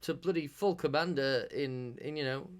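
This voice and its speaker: Man, podcast co-host, casual rambling chat, swears, slightly high voice. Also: moderate pace.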